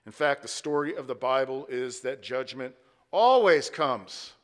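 Male pastor, emphatic repetitive preaching, mid-pitched voice, long reverb of the sanctuary. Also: expressive, measured pace, fairly bright tone. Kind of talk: sermon. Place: church sanctuary.

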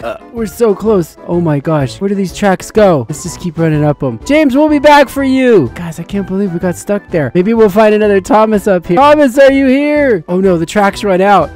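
A gameplay channel host giving excited commentary for kids, full of exclamations and calls to the viewers. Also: medium pitch.

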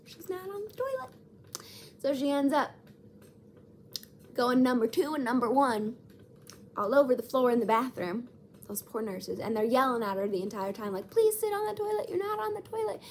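Young woman chattering away in a hospital room, animated storytime, faint hum behind. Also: mid-range voice. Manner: animated, chatty, dramatic asides. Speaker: vlogger. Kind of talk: casual storytelling.

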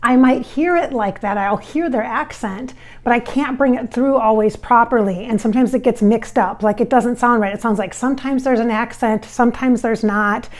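A woman's voice: a little high, normal speed. A woman from the American Midwest who channels spirits, talking casually to camera on a microphone about viewer comments, chatty and reassuring with fillers and restarts. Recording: recorded on a microphone.

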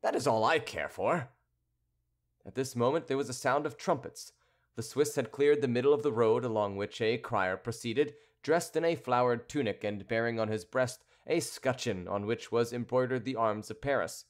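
A man narrating a classic novel as an audiobook, with an expressive, clear reading. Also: mid-range voice, moderate pace. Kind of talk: scripted narration.

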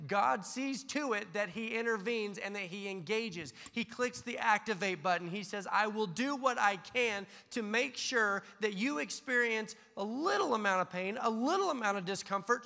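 A man's voice: high-pitched, animated, normal speed, creaky, hardly any pauses, bright, forceful tone, long reverb tail. A man preaching a sermon to a church congregation, telling stories and acting out the voices in them. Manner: storytelling preacher, acts out voices in anecdotes. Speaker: pastor. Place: church sanctuary.

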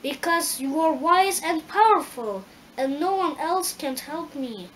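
Storybook scarecrow voiced by a woman reader: earnest, humble, pitched up high. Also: animated, a little slow, a bit bright, a little hiss or hum, poor audio. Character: the Scarecrow, a humble straw man.

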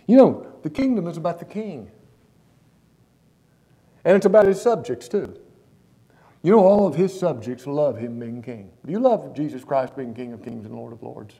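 A pastor delivers a sermon in a mellow, fairly high-pitched male voice. He leans on certain words and draws them out, then turns to the congregation with pointed questions. It sounds like a church service. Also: vocal fry. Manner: emphatic preaching, slows and stresses key words, asks the congregation questions.

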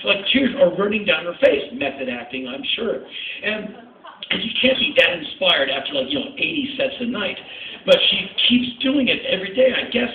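A middle-aged man performing a spoken word story on stage, with an animated, sardonic, punchy delivery. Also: high-pitched. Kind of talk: stand-up storytelling. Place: nightclub stage. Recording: echoey club audio, tinny and distant.

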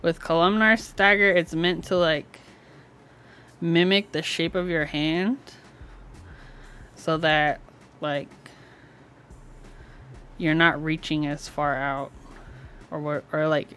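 A woman's voice: low-pitched, steady tone, slow, long pauses, a bit bright, clear, resonant tone. A young woman streaming from home as she builds a keyboard, chatting casually with frequent giggles and lots of "like". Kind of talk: casual live-stream chat.

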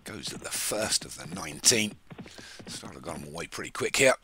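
A man commentating a horse race in a racing game, reading off the runners quickly and stumbling on names, with jokey rambling asides. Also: sits low, big pitch swings, sharp tone, slight background noise.

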